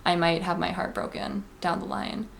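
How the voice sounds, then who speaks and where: Chatty young woman with a gravelly low voice. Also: monotone, normal speed, a little hiss or hum. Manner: chatty, heavy use of "like", earnest advice-giving. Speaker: vlogger. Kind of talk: casual confessional vlog.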